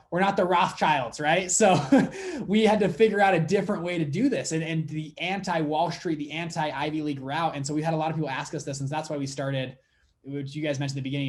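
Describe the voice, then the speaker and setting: Animated young man telling a story. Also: on the high side. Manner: animated storyteller acting out dialogue. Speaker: fund manager guest. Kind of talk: storytelling in a casual interview.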